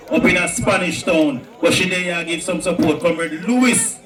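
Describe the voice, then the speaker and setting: A man with a Jamaican accent emceeing a political rally, shouting out greetings and rousing the crowd over a PA system. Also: high-pitched, animated, normal speed. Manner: rousing, shouted call-outs. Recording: echoey, distant rally sound with music.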